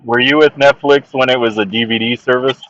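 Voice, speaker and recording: A man's voice: medium pitch, fairly even intonation, a little fast, fairly bright tone. A man co-hosting a casual film chat, mostly giving short agreeing replies. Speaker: podcast co-host. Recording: distant, dull lo-fi sound.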